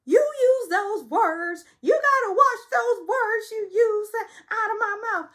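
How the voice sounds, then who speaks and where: A woman doing a shrill, tearful reality-show woman. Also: moderate pace, a bit bright.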